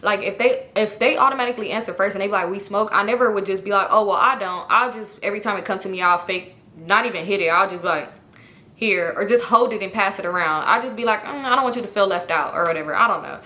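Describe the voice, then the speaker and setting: A young adult woman casually telling a personal story, animated and profane, acting out the people she quotes. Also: mid-range voice, quick pace. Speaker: storytime vlogger.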